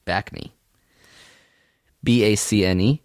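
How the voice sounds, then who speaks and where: A man in his thirties co-hosts a casual podcast, trading deadpan, self-mocking jokes. His voice sits on the low side and sounds dry and close, with no room around it. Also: slow, no room sound. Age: 30s. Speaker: podcast co-host. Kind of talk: casual chat.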